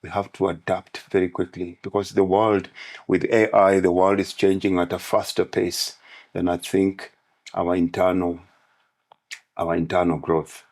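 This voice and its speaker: Man, very low voice, gravelly, podcast guest, parable-telling. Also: little pitch movement, a little slow, a little mellow. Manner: preaching in parables and analogies. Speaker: guest speaker on manhood. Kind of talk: podcast conversation with storytelling.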